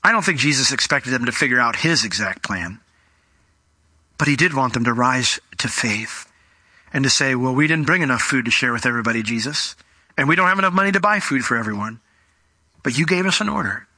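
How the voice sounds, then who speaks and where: A man preaching a sermon in a conversational, animated way, acting out scenes as he teaches. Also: mid-range voice, brisk, no echo. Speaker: pastor.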